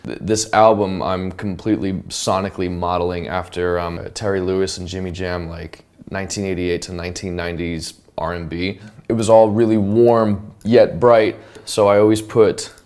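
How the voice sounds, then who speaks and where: Animated man breaking down his song. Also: sits low, moderate pace. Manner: animated, hums and sings snippets, laughs often. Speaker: songwriter and producer. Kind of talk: casual studio breakdown. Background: loud music playing.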